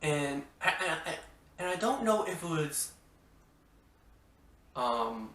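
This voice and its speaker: Slow-talking man in an echoey room. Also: on the high side, very animated, a bit bright. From Washington State. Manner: rambling, exclamatory, stammers on restarts. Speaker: podcast host. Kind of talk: casual movie review chat. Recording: roomy echo, mic at a distance.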